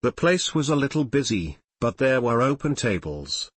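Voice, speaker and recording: A man reading fan fiction aloud as a story narrator in an animated storytelling manner. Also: mid-range voice, normal speed, breathy edge, dry recording. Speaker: reader.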